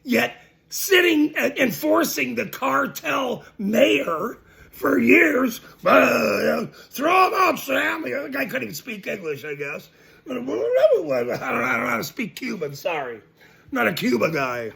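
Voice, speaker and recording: A man's voice: extremely high pitch, very animated, unhurried, creaky, bright, forceful tone. A man ranting to camera, mocking and laughing between his lines and repeating his points emphatically. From Ireland. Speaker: citizen journalist.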